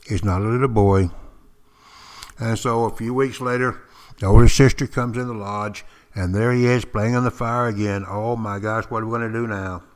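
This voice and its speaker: An older man, a former Marine, telling stories in a folksy way with dramatic pauses, speaking directly to his listeners. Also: on the low side. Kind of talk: spoken storytelling to listeners.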